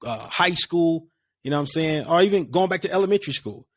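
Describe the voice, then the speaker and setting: A man's voice: a little high, lively intonation, a little fast, no echo, clean studio sound. A man hosting a casual solo sports podcast, rambling with lots of fillers and restarts. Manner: rambling, conversational, many fillers.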